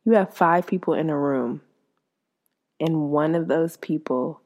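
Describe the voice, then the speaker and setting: A woman's voice: low-pitched, unhurried, darkish tone. A woman hosting her own podcast, speaking in an earnest, heartfelt monologue. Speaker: podcast host.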